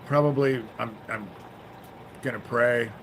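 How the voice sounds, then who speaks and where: A man's voice: medium pitch, steady tone, slight background noise, poor audio. Man ranting angrily on a livestream. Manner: profane, angry ranting; fills pauses with "you know?". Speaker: livestream host. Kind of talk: livestream monologue.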